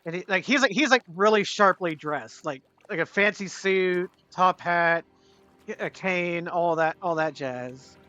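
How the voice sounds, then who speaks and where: Bright-voiced male game master. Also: high voice, a little slow, clear, resonant tone, highs cut off, faint music behind. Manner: rambling, lots of fillers and restarts. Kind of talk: narrating a tabletop game.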